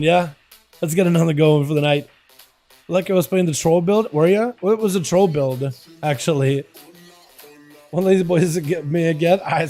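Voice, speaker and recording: A young man with a hoarse voice, whose first language is Russian, hosting a livestream and giving casual, excitable commentary on game duels while bantering with his chat. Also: high voice. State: hoarse, voice rough tonight.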